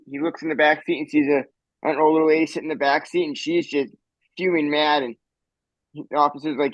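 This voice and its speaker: A man from Wisconsin with a fairly high voice, sitting in on a casual video-call panel. He tells a joke in an animated way and restarts his phrases, and the call audio sounds dull and dry. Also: normal speed, dry recording. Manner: animated storyteller, repeats himself. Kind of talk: casual chat, telling a joke.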